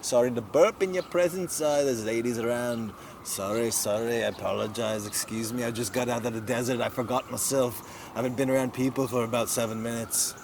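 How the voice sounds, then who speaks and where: A man's voice: medium pitch, steady tone, brisk, vocal fry, natural voice. A man voicing a crude, boozy male desert dog who rambles and apologizes a lot, recorded outdoors in a park. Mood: earnest. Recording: outdoor noise with passing traffic.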